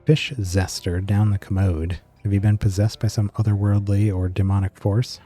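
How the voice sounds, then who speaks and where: A man's voice: lowish voice, flat delivery, moderate pace, warm tone, soft background music, lightly acted. A man reading the lines of a stern, smug father heard over an old radio, in a scolding manner.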